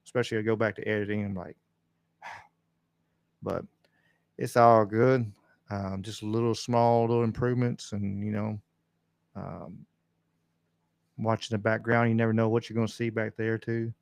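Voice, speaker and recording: A man's voice: lowish voice, little pitch movement, measured pace, creaky, long pauses, dry recording. A man hosting a casual livestream podcast, rambling in a laid-back way with lots of fillers. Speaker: podcast host. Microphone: desk mic on a stand.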